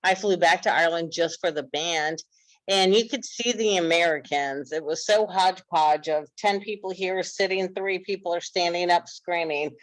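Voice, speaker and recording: A woman's voice: fairly low pitch, moderate pace, no echo, rough recording. A woman telling stories in a casual, earnest podcast chat. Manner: earnest, animated storytelling.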